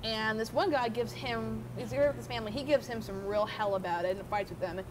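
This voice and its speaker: A young adult woman telling a story about her old job to the camera in a casual, animated way, swearing often. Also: a little high, fairly quick. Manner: profane, animated, swears freely. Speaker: former theme park worker telling her story. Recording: noisy background.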